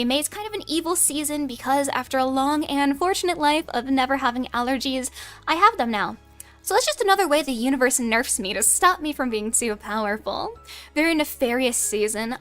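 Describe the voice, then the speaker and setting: A young woman streaming in character, teasing and bossy like a playful commanding officer. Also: high-pitched. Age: young adult. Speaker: VTuber streamer.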